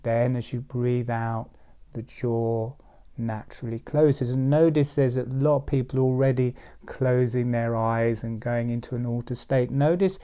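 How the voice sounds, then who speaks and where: A man giving guided breathing and relaxation instructions in a calm, soft-spoken way, often trailing into near-whispers. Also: mid-range voice, unhurried, clean tone.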